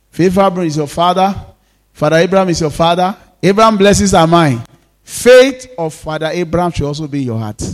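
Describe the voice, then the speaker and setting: A pastor preaching a sermon, swinging between loud exhortations and soft, intimate asides. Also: male voice, a little high.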